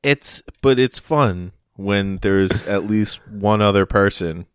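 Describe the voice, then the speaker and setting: A man with a very deep voice trades quick-witted jokes in easy, casual banter. His voice sounds dry and close to the mic. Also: clear, resonant tone, no echo. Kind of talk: casual chat.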